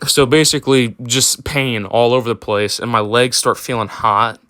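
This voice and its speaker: A young storytime vlogger rambles casually through a personal story, full of fillers and swearing. His medium-pitched voice is a bit bright, with fairly even intonation and a moderate pace. The studio sound is clean, with no room sound.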